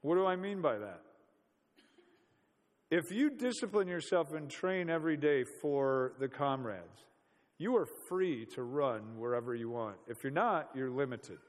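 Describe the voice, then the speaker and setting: A man's voice: fairly high pitch, lively intonation, a little slow, in a large hall. A man preaching a sermon in a conversational, storytelling way, full of rhetorical questions.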